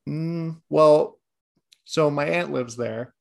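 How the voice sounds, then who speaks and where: A man's voice: on the high side, takes it slowly, gravelly, darkish tone. A man co-hosting a casual sports podcast, telling long, digressive stories in an easy, chatty way. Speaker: podcast co-host.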